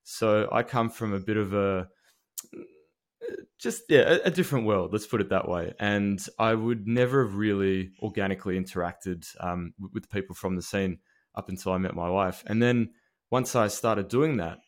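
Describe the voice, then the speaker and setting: Earnest man with a lowish voice. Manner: earnest, halting, many restarts. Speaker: podcast host. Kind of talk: casual interview chat.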